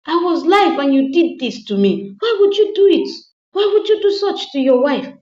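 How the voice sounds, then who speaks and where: A woman's voice: high voice, very animated, moderate pace, mellow, voice pushed up. A woman voicing a furious young wife who shrieks accusing questions at her husband. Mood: defiant. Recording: roomy, dull lo-fi sound.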